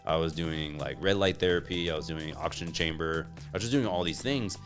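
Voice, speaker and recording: Very deep-voiced man, relaxed and chatty. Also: a little fast, faint music behind. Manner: relaxed, filler-heavy talk with frequent "like". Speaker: podcast guest, gym co-founder. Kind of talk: casual interview chat.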